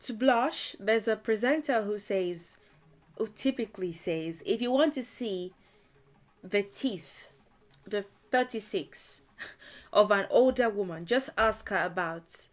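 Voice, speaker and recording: A woman gives a relaxed video language lesson in an easy, conversational tone. She fills her explanations with "you know" and laughs often as she works through examples. Her voice sits at an ordinary middle pitch. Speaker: language teacher.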